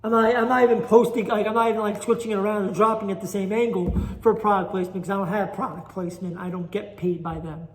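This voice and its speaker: Speaking fast with few pauses, a man whose voice sits high and stays fairly even delivers a solo, casual podcast monologue in a New York Italian accent. He hosts the show and does amateur stand-up, which he mocks himself about as he rambles restlessly. It was captured on a phone, with an echoey chamber reverb.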